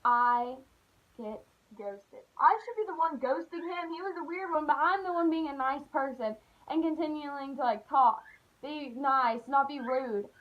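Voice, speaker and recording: A young woman telling stories in a chatty, animated way, full of "like.". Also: high voice, normal speed, lo-fi sound. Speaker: vlogger. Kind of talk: casual storytime.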